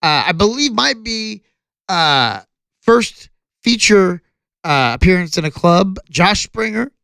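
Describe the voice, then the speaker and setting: A man's voice: sits high, big pitch swings, slow, gravelly, sharp tone, clear, resonant tone, dry recording. A man who is a stand-up comedian, chatting casually on a podcast and plugging shows with lots of fillers.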